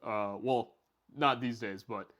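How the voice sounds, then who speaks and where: A man speaking as a guest on a casual podcast, explaining his points in a relaxed, chatty way. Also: lowish voice, slow.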